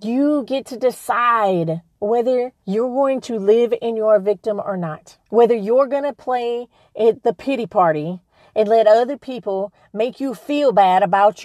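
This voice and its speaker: An older woman hosting a podcast, talking in a passionate, blunt, emphatic way that gets loud at its peaks. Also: a little high, dry recording. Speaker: podcast host. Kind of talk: motivational podcast monologue.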